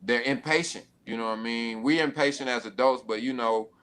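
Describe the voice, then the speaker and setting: A young adult man speaking in a relaxed way during a casual panel talk, often adding "you know what I mean". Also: mid-range voice, a little fast, a little hiss or hum. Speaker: panel guest.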